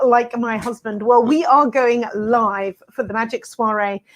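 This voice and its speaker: A woman's voice: fairly high pitch, steady tone, a little slow. A woman co-hosting a casual online talk show in a bubbly, chatty way. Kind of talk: casual chat.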